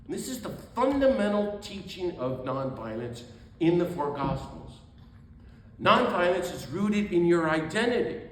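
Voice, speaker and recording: A man giving an animated talk as a priest, exuberant, with quick asides and laughter at himself. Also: sits high, recorded from a distance. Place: event hall. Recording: echoey room with faint background noise.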